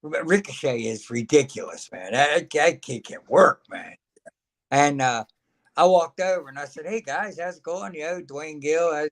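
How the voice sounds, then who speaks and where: Older guy spinning stories, voice sits a bit high, laughs a lot. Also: expressive, normal speed. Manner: folksy, laughs often, acts out quotes. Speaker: guest. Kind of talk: casual storytelling chat.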